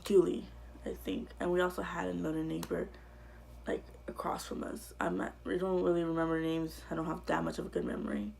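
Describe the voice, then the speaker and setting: A woman vlogger telling her own life story to camera in a halting, quiet way that often drops to a whisper. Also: on the low side, vocal fry.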